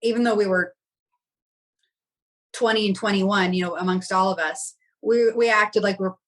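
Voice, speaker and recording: A woman's voice: mid-range voice, moderate pace, rough recording. A woman, a podcast guest, telling a personal story in a candid, reflective way and often acting out quoted dialogue.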